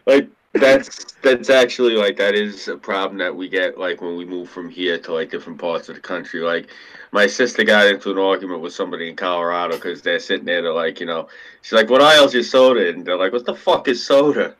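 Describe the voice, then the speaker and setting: A man's voice: sits low, steady tone, brisk, a bit bright, low-quality recording. A man chatting casually on a podcast, telling rambling, profane stories and acting out the people in them. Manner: profane, rambling storyteller who acts out quotes. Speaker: podcast co-host. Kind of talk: casual chat.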